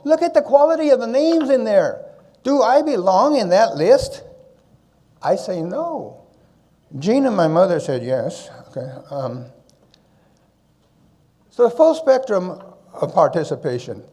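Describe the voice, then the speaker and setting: A man's voice: high-pitched, unhurried, long pauses. An older man giving a conference keynote, telling stories and handing out advice, with a habit of tagging his points with "okay?". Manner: animated, tag question "okay?" after points. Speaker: conference speaker. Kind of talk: storytelling keynote talk.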